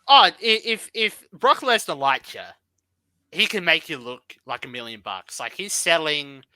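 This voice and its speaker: A woman's voice: low voice, animated, a little slow, sharp tone, slight background noise. A woman co-hosting a podcast who banters profanely and calls the others mate in casual chat. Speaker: podcast co-host.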